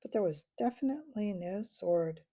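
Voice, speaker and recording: A woman's voice: medium pitch, expressive, moderate pace, mellow, husky. A woman voicing a plucky mother squirrel who speaks in a breathless, candid way in a storybook reading. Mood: weary.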